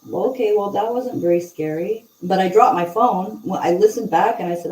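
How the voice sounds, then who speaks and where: A woman hosts a casual chat and slips into animated storytelling. Her voice is mellow and dark. She sits some way from the mic in an echoey room. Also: mid-range voice, a little fast, few pauses, recorded from a distance. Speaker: host.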